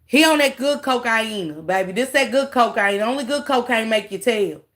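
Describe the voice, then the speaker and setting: A woman's voice: on the high side, lively intonation, moderate pace, fairly bright tone. A woman hosting a casual livestream, mocking a clip she reacts to and talking straight to her viewers with laughing asides. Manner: talks straight to chat, thanks viewers.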